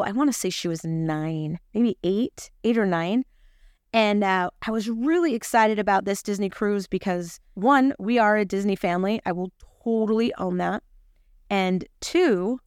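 Smooth-voiced woman teaching scripture. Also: medium pitch, no room sound, studio quality. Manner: chatty, confiding, self-deprecating. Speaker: gospel lesson podcast host. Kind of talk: scripture lesson with personal storytelling.

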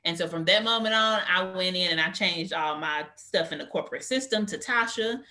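A woman guest on an interview podcast, telling her story in an animated, conversational way and acting out what people said. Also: on the low side, fairly quick. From United States. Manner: animated storyteller, acts out quotes. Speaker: guest, career coach.

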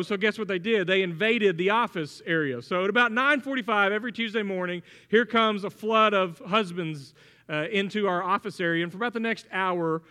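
A man preaching a sermon, telling stories with emphatic, animated build-ups. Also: high voice, big-room sound.

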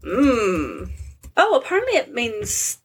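A woman co-hosting a podcast in casual chat, reacting quickly and laughing often. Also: on the high side, huge pitch swings, slightly rough. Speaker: podcast co-host.

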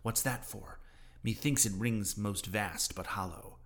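A man voicing a wry male second mate speaking in a hushed aside. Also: fairly low pitch, measured pace.

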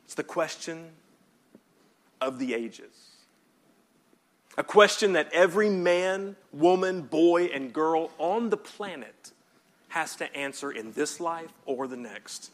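A man preaches to his congregation in a voice pitched high for a man. He hammers his points with emphasis and has the room say key words back to him. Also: expressive, takes it slowly, long pauses. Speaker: pastor. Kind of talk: sermon.

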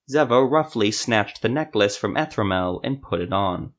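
Low-voiced man narrating a fantasy tale. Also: expressive, normal speed. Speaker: podcast narrator.

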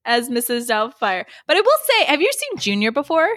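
A woman's voice: on the high side, wildly swooping pitch, fairly quick, a bit bright, dry recording, clean studio sound. A woman co-hosting a casual movie rewatch podcast, chatty and laughing often mid-sentence. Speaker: podcast co-host.

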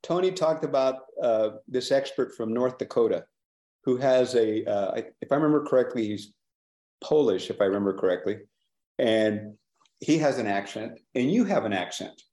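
A man from California, a trial lawyer speaking on a panel, animated and asking questions of the others. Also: mid-range voice, normal speed, roomy sound. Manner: animated, asks the room questions. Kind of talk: panel discussion.

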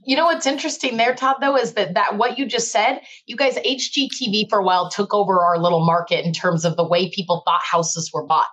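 Woman host, middle-aged, brisk casual chat, mid-pitched voice. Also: steady tone, fairly bright tone. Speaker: mortgage lender and podcast host.

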